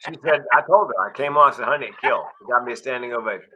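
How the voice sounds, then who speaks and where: A man's voice: mid-range voice, very fast, sharp tone, low-quality recording. A middle-aged man, a guest speaker, telling wry personal stories and acting out dialogue. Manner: wry storyteller who acts out dialogue. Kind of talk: storytelling interview.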